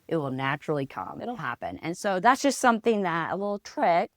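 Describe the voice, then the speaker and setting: A woman hosting a health podcast, explaining in a calm, encouraging way. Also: fairly low pitch, fairly quick, dry recording, clean studio sound. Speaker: physical therapy podcast host. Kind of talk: casual health chat.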